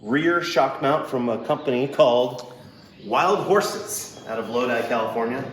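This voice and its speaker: A man's voice: mid-range voice, unhurried, a little hiss or hum. A man hosting a car restoration vlog, walking through his build with wry, self-deprecating jokes. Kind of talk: casual joking walkthrough. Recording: echoey workshop, mic at a distance, faint ambience.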